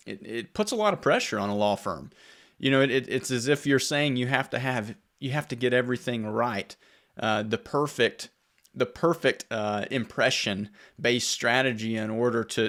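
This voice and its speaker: Bright-voiced male podcast host. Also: medium pitch. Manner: agreeable, hesitant restarts when asking. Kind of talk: interview questions.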